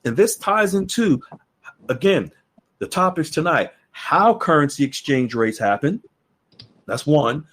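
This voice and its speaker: A man's voice: fairly high pitch, sing-song, measured pace, a bit bright. Guy hosting a podcast, earnest, keeps repeating himself and restarting. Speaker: podcast host. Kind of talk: casual podcast talk.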